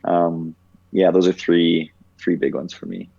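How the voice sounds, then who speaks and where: A man's voice: sits low, level tone, a little slow, vocal fry, dark tone, husky, dull audio. A man in his thirties, a podcast guest, telling a personal story in a casual, reflective way with many "like"s. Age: 30s. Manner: reflective, heavy use of "like".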